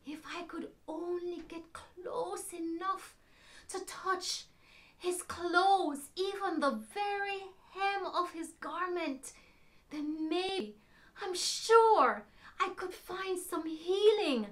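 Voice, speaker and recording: A woman doing a desperate sick woman, high and pleading. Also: expressive, moderate pace, sharp tone, heavily acted. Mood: desperate hope.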